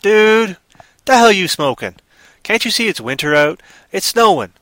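A bellowing, blunt rural farmer, put on by a man in an improvised livestream story. He is hostile and threatening, and his bright, raised voice pushes every line hard. The sound is close and dry. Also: high-pitched, big pitch swings, unhurried, dry recording, voice pushed up, exaggerated voice. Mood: scornful. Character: gruff loud rural male farmer, hostile.

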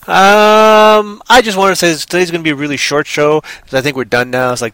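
A man's voice: fairly high pitch, steady tone, fairly quick, pushed and bright, clean tone, no echo. A man co-hosting a casual online chat show, rambling playfully and trailing off into mumbles. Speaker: podcast co-host.

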